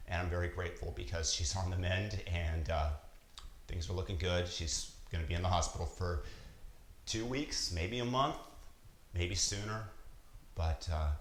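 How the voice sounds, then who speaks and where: A man's voice: low-pitched, a bit bright, a little hiss or hum. A father vlogging to camera with earnest, emphatic motivational talk, repeating his points. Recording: roomy echo.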